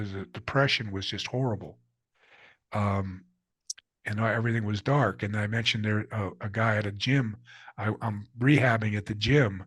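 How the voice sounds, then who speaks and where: In a reflective interview, an older author shares personal stories with candor and earnestness, voicing the people he quotes. His voice sits on the low side with a breathy edge, and there's no room sound.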